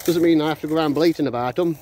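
A man's voice: on the high side, rapid-fire, warm tone, a little hiss or hum. A man ranting bluntly and ramblingly in a casual monologue, with restarts and chuckles, while walking a dog through the countryside and recording on a phone held in his hand. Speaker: vlogger.

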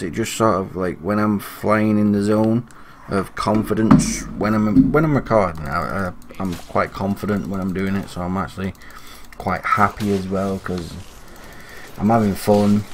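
A young man chatting casually as he commentates his own online game, self-critical and excitable at times. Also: sits low, slight background noise. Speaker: gaming commentator.

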